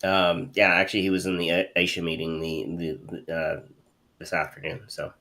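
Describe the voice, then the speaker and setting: A man's voice: deep voice, little pitch movement, moderate pace, pushed and bright. A Canadian man co-hosting a podcast, chatting casually with dry joking asides. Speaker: podcast co-host. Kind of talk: casual chat.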